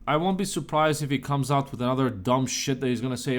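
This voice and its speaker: A man giving a sarcastic, indignant commentary rant as a YouTuber, his pitch jumping up for emphasis. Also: fast talker, few pauses.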